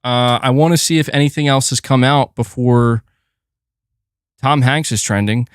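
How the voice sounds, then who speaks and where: A man's voice: mid-range voice, moderate pace, clear, resonant tone, dry recording. A man hosting a casual gaming livestream, talking close to a desk mic and chatting loosely, often breaking off to coax his cat. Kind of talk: casual live-stream chat.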